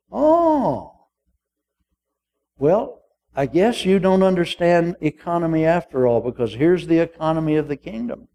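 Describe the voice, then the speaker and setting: An older man delivers a sermon in an unhurried, deliberate way, his pitch rising and falling widely. He acts out the voices of a parable's characters with playful humor as he preaches. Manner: animated storyteller acting out dialogue with humor. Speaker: pastor.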